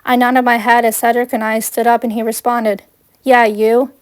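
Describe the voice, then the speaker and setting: Her own first-person fan fiction is what this woman reads out, earnestly and plainly, in a somewhat high voice that is clear and resonant. The delivery is flat and fairly quick, recorded close and dry with no echo from the room.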